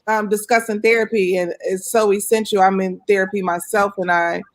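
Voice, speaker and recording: Give me a woman speaking on a panel over a video call, telling stories in an animated way. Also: mid-range voice, fairly quick. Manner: animated storytelling with laughter. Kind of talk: panel discussion.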